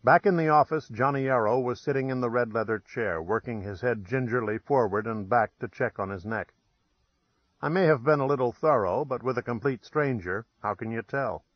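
A man's voice: mid-range voice, moderate pace, dry recording. A man narrating an audiobook in the first person, with dry, wry timing and a mid-range voice. The sound is dead and dry with a slightly dull, muffled top end.

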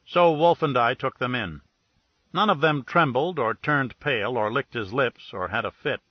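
A man reads a detective story in a wry, matter-of-fact voice of middling pitch. The recording is very dry and slightly dull, with no room sound. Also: normal speed, dry recording. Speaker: audiobook narrator. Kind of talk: scripted narration of a detective novel. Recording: dull, dry studio read.

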